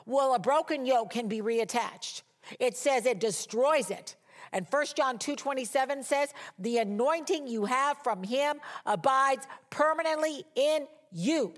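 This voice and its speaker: A woman's voice: high voice, animated, measured pace. A woman giving a conversational sermon as a Bible teacher, emphatic and repeating key words for stress.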